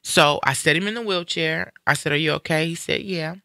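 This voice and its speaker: Man, conversational storyteller, very bright and tense tone, slightly high, animated, plays out quotes. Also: brisk, no echo, clean studio sound. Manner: animated retelling, acting out quoted speech. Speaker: guest sharing a personal story. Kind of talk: casual live-stream conversation.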